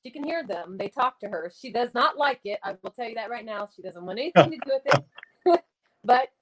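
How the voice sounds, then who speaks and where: A middle-aged woman tells a ghost story in a slightly high voice. She is a medium, and she talks with earnest drama, stringing the tale together with "you know" and "like.". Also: lively intonation, a little fast, husky, low-quality recording. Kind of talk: conversational ghost story telling.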